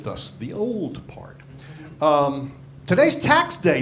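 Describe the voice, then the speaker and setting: A man's voice: on the high side, huge pitch swings, slow, fairly bright tone, slight background noise. Grumpy profane comic in his sixties. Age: 60s. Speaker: stand-up comedian. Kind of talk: stand-up comedy set. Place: comedy club stage. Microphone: handheld mic. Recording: live club with crowd laughter. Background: audience laughter.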